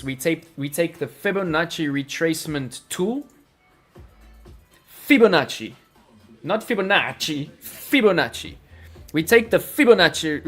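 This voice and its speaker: A man hosting a live crypto trading stream, talking energetically through charts and answering viewers in chat. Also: fairly high pitch. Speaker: crypto livestream host.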